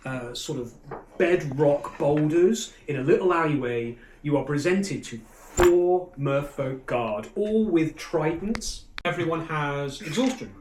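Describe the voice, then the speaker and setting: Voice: mid-range voice, lively intonation, slow pace, a little mellow, slight background noise. A game master narrating a tabletop role-playing scene in a descriptive way, with frequent ums and restarts. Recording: roomy echo.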